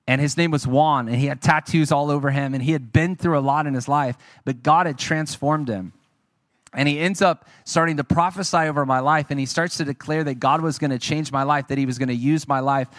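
A man's voice: mid-range voice, fairly even intonation, brisk, a bit bright, dry recording, clean studio sound. A man preaching a sermon, telling his own testimony in an earnest, conversational way and speaking to the audience.

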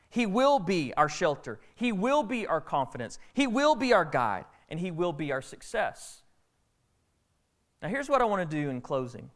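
A male pastor delivering a sermon with a high, bright-pitched voice that rises and falls dramatically. He tells stories with energy and slips into characters' lines as he goes. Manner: animated storytelling preacher, acting out characters' lines.

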